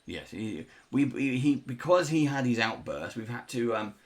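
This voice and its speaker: A fussy male asylum doctor, as a game master puts him on, trips over his own words, repeating and restarting as he dodges hard questions. His voice sits at an ordinary middle pitch. He talks like a nervous man protecting his patients in a tabletop game. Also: sing-song, moderate pace, close to an everyday voice. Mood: flustered. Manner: stammering, defensive, fussy. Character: evasive, flustered male sanatorium doctor.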